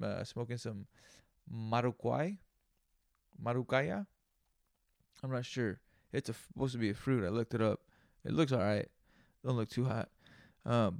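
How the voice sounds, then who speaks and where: A man from the United States hosting a solo podcast at home, high on cannabis and ranting in a loose, profane, slangy monologue. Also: gravelly, a little mellow, no echo, studio quality. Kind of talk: casual rambling monologue.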